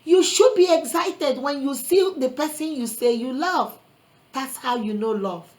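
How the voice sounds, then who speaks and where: A woman's voice: sits high, a little slow, darkish tone, low-quality recording. A woman vlogger giving earnest relationship advice in a preachy motivational talk, quoting scripture and calling listeners sister and brother. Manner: quotes scripture.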